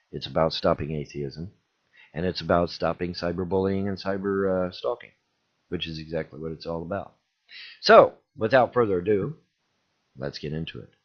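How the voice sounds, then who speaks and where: A man giving an indignant, repetitive ranting commentary as a video host. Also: deep voice. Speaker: YouTube commentator. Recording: dull lo-fi recording.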